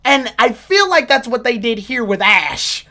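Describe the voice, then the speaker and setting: A woman's voice: on the high side, big pitch swings, a little slow, sharp tone. A woman hosting a streamed chat, building long analytical comparisons. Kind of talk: casual chat.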